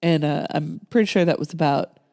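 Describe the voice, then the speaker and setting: A woman's voice: deep voice, fairly quick, dark tone, dry recording, clean studio sound. A woman hosting a podcast, chatting casually about films with short reactions and easy laughs. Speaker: podcast host. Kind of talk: casual chat.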